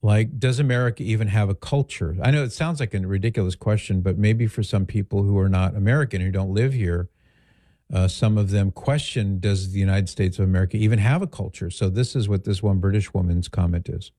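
Relaxed, mellow-voiced man hosting talk radio. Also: lowish voice, a little fast, dry recording. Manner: relaxed, conversational, with fillers and asides. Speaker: radio host.

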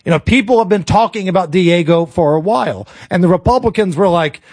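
Casting: high-pitched man hosting opinionated talk radio, sarcastic and jokey, dry studio sound. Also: brisk, a little mellow, no echo. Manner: sarcastic, colloquial, jokey rants. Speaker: radio talk show host.

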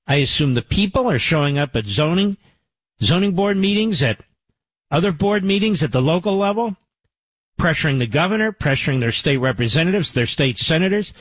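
A man's voice: a little high, expressive, a little fast, fairly bright tone, husky, no room sound, low-quality recording. A man hosting a radio talk show, commenting emphatically and repeating himself as he builds indignation. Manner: emphatic, repetitive, rising indignation. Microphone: studio microphone.

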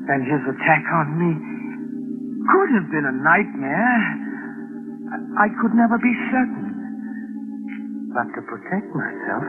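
An anxious, haunted young man. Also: fairly high pitch. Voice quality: tense, anxious narration. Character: haunted young man narrating his terror. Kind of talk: 1940s radio acting. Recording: tinny old radio broadcast with music.

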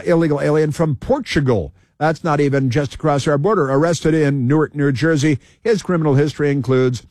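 A man's voice: fairly high pitch, darkish tone, no room sound, studio quality. Combative male talk radio host. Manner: combative, sarcastic, repeats phrases for emphasis. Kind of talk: talk radio commentary over news clips.

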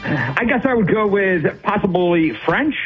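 An upbeat man calls in to play a radio game, his voice fairly high and coming through a dull, muffled phone line. He is friendly and chatty, and turns hesitant when he has to guess. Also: expressive, unhurried, over music. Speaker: caller and game contestant. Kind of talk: casual phone-in banter.

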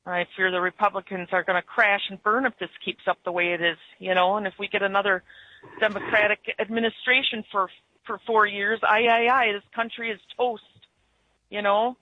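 A woman's voice: mid-range voice, steady tone, brisk, no echo, highs cut off. Chatty Upper Midwest woman caller. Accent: Upper Midwest American. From Germany, raised in Wisconsin. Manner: chatty, opinionated, folksy. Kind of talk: casual radio call-in chat.

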